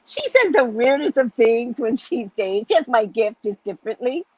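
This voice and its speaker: A woman's voice: on the high side, moderate pace, breathy edge, no room sound, muffled recording. A middle-aged woman, a psychic host, telling a personal story in a chatty monologue and acting out the voices of the people in it. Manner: animated, acts out quoted voices, chatty asides like "right?".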